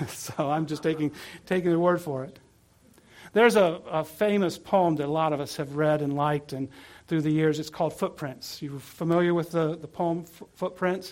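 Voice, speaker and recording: A pastor preaching a sermon, earnest and asking the congregation questions. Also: male voice, high-pitched.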